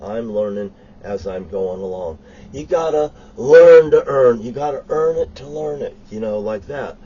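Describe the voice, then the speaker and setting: A man's voice: mid-range voice, animated, unhurried, warm tone, husky, lo-fi sound. A man ranting in a heated, rambling monologue, swearing constantly. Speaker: vlogger.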